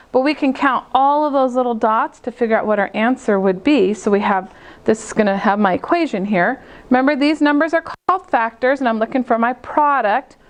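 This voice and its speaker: A woman teacher with a high, light voice walks young children through a math lesson. She explains each step slowly and clearly, the way she would in a classroom. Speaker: second grade teacher. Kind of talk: recorded math lesson for kids.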